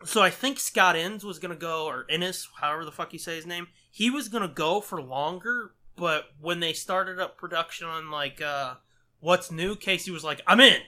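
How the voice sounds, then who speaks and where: Bright-voiced, swearing podcast host. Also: male voice, a little high, normal speed. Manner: profane, rambling storyteller. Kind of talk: casual movie commentary chat.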